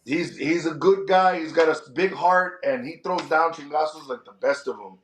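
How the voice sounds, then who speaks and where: A middle-aged man from San Antonio, a wrestler and promoter chatting in an interview, animated and slipping in Spanish slang. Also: on the high side, normal speed. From San Antonio, Texas. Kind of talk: casual interview chat. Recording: echoey room.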